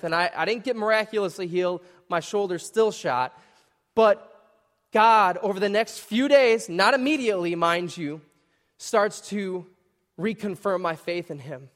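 High-voiced preacher guy, earnest, goes soft then pleads hard, big echoey hall. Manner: earnest and emotional, swings between hushed and raised. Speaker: pastor. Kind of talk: sermon. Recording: hall reverb.

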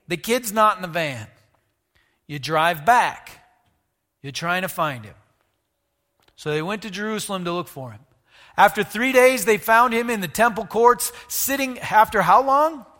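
A man preaching a sermon, animated, asking the congregation questions and moving between loud and hushed delivery. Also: high voice, a little slow, long pauses, in a large hall. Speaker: pastor.

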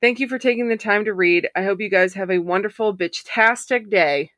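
A woman's voice: medium pitch, a little fast, a bit bright, dry recording, clean studio sound. A woman hosting a podcast, reading listener stories aloud in a casual way, swearing freely and laughing often. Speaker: podcast host.

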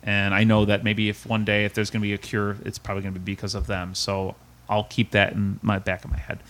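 A man with a slightly low voice tells a personal story as an interview guest. He speaks earnestly and with feeling, and often stops to restart or repeat words. At times he sounds close to tears. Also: completely flat delivery, quick pace, a bit bright. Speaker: podcast guest.

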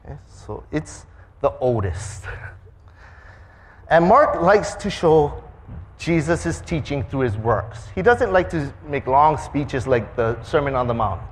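Taking it slowly in a fairly high-pitched voice, a male pastor delivers a sermon. He tells a story with lively energy, acting out sounds and voicing the characters he quotes.

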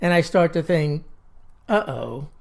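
A woman's voice: lowish voice, normal speed, a little mellow. A woman telling a comic story in a wry, folksy, drawling manner. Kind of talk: comic monologue.

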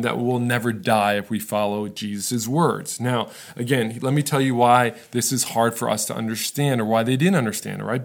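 A male pastor delivers a sermon in a relaxed, conversational way, often pausing to ask his listeners if they follow. His voice sits in an ordinary middle range. He sounds earnest and personable, as if he's talking to viewers watching from home. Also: medium pitch. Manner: conversational, earnest, frequent "right?" asides. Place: recorded for online viewers.

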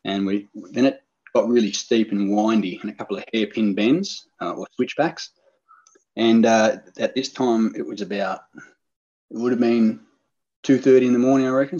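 A man's voice: mid-range voice, moderate pace, darkish tone, dull audio. A man with an Australian accent, a podcast guest telling a hunting trip story in a rambling, laid-back way. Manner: rambling, laid-back, many fillers and restarts. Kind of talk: casual storytelling.

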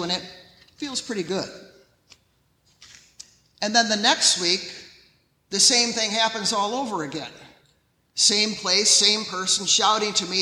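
A man preaching a sermon as pastor, in a measured storytelling way. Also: sits high, bright, forceful tone, echoey room, long reverb tail, poor audio.

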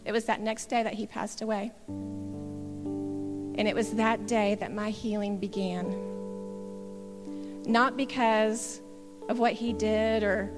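A woman's voice: mid-range voice, little pitch movement, slow, pauses often. A middle-aged woman, giving an earnest, candid testimony sermon. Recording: long hall reverb with guitar music. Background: soft guitar music.

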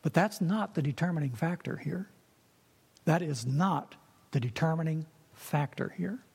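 A man's voice: on the high side, a little slow, gravelly, a little mellow, husky. A man preaching a sermon in an earnest way, repeating key phrases for emphasis. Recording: long reverb of a hall.

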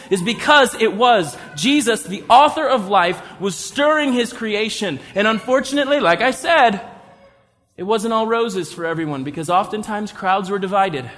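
A man preaching a sermon in an animated way, acting out the people in his story. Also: high-pitched, normal speed. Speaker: pastor. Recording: long hall reverb.

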